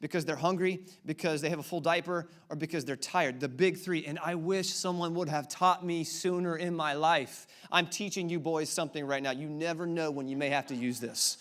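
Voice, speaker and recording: A man's voice: on the high side, fairly even intonation, moderate pace, hardly any pauses, fairly bright tone. A man in his thirties, a pastor preaching a sermon in a church and playfully quizzing the congregation with repeated questions. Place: church auditorium before a congregation.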